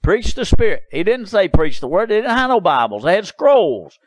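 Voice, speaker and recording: A man's voice: sits high, big pitch swings, moderate pace, no echo, low-quality recording. A man preaching a sermon in an insistent, repetitive way, with drawled "you see" asides.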